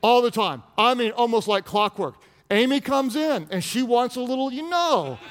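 A man's voice: very high voice, lively intonation, normal speed, fairly bright tone. A man preaching a humorous sermon as pastor, playful and teasing with the congregation. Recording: long reverb of a large hall.

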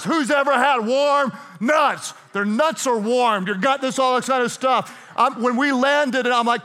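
A middle-aged man preaching a sermon, telling stories in an animated way, restarting and repeating himself. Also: extremely high pitch, a little slow, few pauses, a little hiss or hum. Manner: storytelling, animated, self-interrupting with repeated restarts. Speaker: pastor. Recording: hall reverb.

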